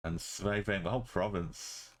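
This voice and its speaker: A man with a very low voice talks through a live stream in loose, easy chat. He mutters half-finished thoughts to himself, then turns to his viewers to muse and chat. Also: normal speed. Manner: thinking aloud, musing and chatting with viewers. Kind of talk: casual live-stream commentary while playing.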